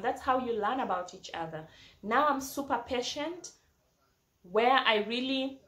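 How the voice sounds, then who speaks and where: A young woman talks to her camera in a casual, earnest way, reflecting on her own growth and repeating phrases to stress a point. Her voice sits a little high for a woman. The room around her rings with a noticeable echo. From not from Germany, living there. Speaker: vlogger. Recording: echoey room.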